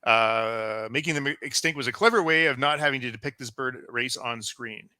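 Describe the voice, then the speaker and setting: A man presents a round of fun facts on a podcast, steady and informative. His tone is bright and sharp, recorded close and dry. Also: medium pitch, normal speed, no echo. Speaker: podcast co-host presenting trivia.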